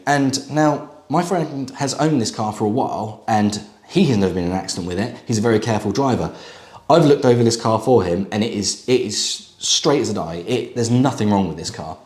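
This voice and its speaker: A man's voice: mid-range voice, lively intonation, brisk, a little mellow, echoey room. A middle-aged man, a used car dealer, casually telling a story to camera with lots of fillers and asides. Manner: chatty, conversational, with frequent fillers and asides.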